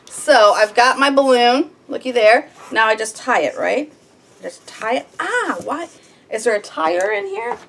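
A woman on her home farm chats to herself as she works, fretful and a little whiny. Her pitch leaps up and down, and it sits a bit higher than most women's. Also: expressive, unhurried, fairly bright tone. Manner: fretful, whiny, talks herself through tasks. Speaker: homesteading vlogger. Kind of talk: casual self-talk while crafting.

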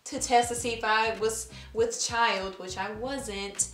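A woman's voice: on the high side, fairly even intonation, slow, a bit bright, reverberant, soft background music. A woman casually telling a personal story for her vlog, chatty and full of fillers, acting out her own nervous words.

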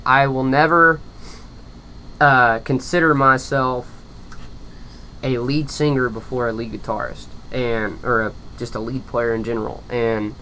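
Bright-voiced guitarist talking fast and eager. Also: male voice, mid-range voice, fairly even intonation, a little hiss or hum. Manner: eager, talks in quick bursts with restarts. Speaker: guest musician, lead guitarist and singer. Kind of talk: casual interview chat. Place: hot backyard shed.

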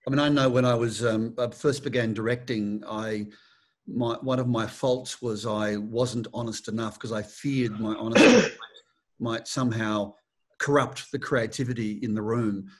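Male interviewer, reflective, measured, mid-pitched, plain delivery. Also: steady tone. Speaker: interviewer, fellow director.

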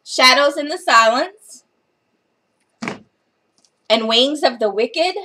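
A woman's voice: high-pitched, slow pace, a little hiss or hum. Chatty woman gushing over books. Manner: chatty and excitable, gushing, casual swearing. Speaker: book vlogger. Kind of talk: casual book haul chat.

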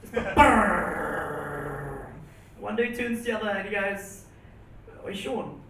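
A young man with a New Zealand accent rambles nervously through a stand-up set, laughing at his own jokes. His voice sits fairly high. He is picked up from a distance in a roomy venue with noise behind him. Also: level tone, quick pace. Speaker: stand-up comedian. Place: comedy venue with audience.

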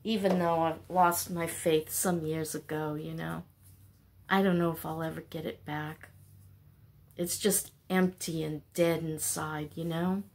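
A woman in her sixties records a rambling, casual vlog at an unhurried pace. She meanders with plenty of ums and uhs, and she speaks in a heartfelt, candid way. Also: sits low, little pitch movement, a little mellow. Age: 60s. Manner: chatty and meandering, with many fillers. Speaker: vlogger.

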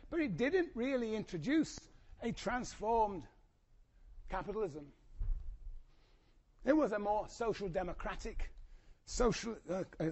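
Older man lecturing, voice going hoarse. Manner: animated, acts out quotes with sudden high pitch. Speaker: university lecturer. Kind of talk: classroom lecture. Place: lecture hall.

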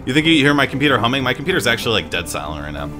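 A man's voice: medium pitch, very animated, rapid-fire, over music. A man streaming a game, chatting casually with his viewers in a joking, profane way. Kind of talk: casual gaming commentary.

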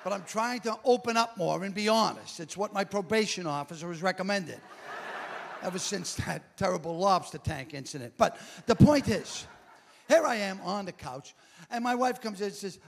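A man's voice: high-pitched, normal speed, gravelly, a little hiss or hum. A man doing a brash, self-mocking stand-up comedy set on a club stage. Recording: live club recording with crowd.

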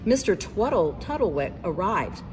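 A woman's voice: mid-range voice, big pitch swings, normal speed, noisy background. A woman reading a children's picture book aloud, narrating expressively and voicing the characters.

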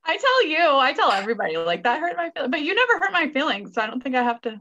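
A woman's voice: high voice, very animated, fast, sharp tone, muffled recording. A woman co-hosting a podcast in casual chat, playful and teasing, laughing often. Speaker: podcast co-host.

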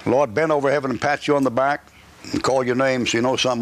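A man's voice: mid-range voice, fairly even intonation, fast talker. A man preaching a live sermon at a church service, folksy and joking, rambling with restarts. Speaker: pastor.

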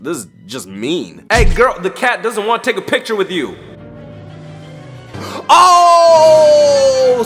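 A man hosting a video, reacting to clips with animated, joking, exclamatory commentary. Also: high-pitched. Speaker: YouTube host.

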